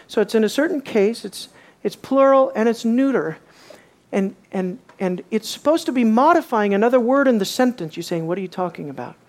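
Speaking fairly quickly in a voice that's a little high, a woman leads a bible study. She animatedly puts questions to her audience and performs the quotes she reads.

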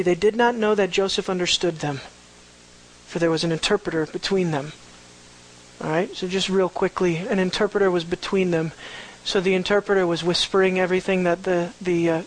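Animated high-voiced male preacher. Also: rough recording. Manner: animated, conversational, full of rhetorical questions. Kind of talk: verse-by-verse Bible teaching.

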